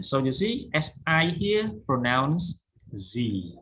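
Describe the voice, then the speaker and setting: A man's voice: mid-range voice, sing-song, takes it slowly, fairly bright tone, breathy edge, rough recording. A man with a Cambodian accent teaching an online English lesson, patiently drilling pronunciation and checking that students understand. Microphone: video call.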